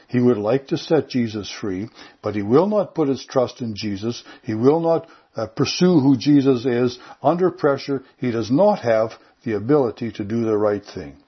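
A man's voice: medium pitch, expressive, normal speed, breathy edge, muffled recording. A man preaching a sermon in an earnest, emphatic way, repeating his key points. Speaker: pastor.

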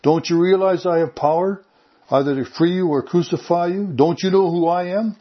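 A man's voice: high-pitched, normal speed, highs cut off, voice pushed up. A man voicing a proud Roman governor who presses his questions with indignant insistence.

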